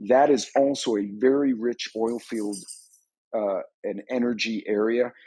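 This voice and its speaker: A man's voice: medium pitch, steady tone, a little slow, a little mellow, husky, no room sound, faint music behind, rough recording. A man hosting a live stream on a preparedness channel, giving rambling, conversational commentary on current events.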